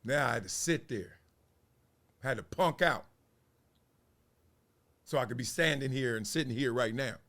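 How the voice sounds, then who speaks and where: A man's voice: mid-range voice, moderate pace, pauses often. A man from Los Angeles hosting a show, telling a story in casual street slang and acting out the scenes with laughs. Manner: animated, acts out scenes with laughs. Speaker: host.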